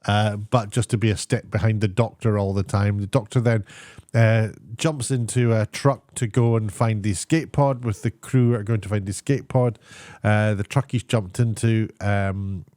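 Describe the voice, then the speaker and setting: A man giving a casual spoken TV review, sarcastic and meandering, often pausing to search for words. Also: lowish voice, fairly even intonation, darkish tone, no echo, clean studio sound.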